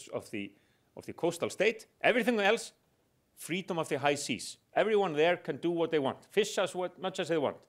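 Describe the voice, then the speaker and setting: Brief: middle-aged man lecturing in English, slightly high voice, wry humor, pauses on "uh". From Iceland. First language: Icelandic. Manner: explanatory with dry humor, hesitant fillers. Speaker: guest lecturer. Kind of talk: public lecture.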